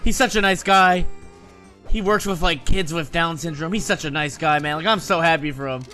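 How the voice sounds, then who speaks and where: A man's voice: fairly high pitch, moderate pace, sharp tone, soft background music, pitched below the performer's own voice. A man putting on the voice of an earnest, drunk young male fan who gushes about a friend. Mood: gushing.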